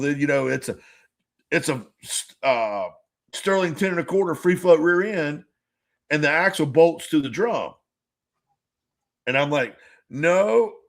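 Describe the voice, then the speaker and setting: Higher-voiced man swearing his way through a story. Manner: rambling storyteller who swears freely and acts out conversations. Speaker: podcast co-host. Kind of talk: casual chat.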